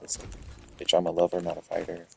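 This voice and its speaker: A man's voice: low voice, completely flat delivery, fast talker, creaky, dark tone, faint music behind, low-quality recording. A man telling a rambling, profane story in a casual rant.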